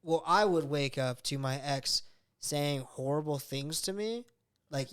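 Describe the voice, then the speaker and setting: A man's voice: a little high, lively intonation, a little slow, a bit bright, smooth. A man telling a story in casual chat, swearing often and acting out voices in his quotes. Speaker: podcast host.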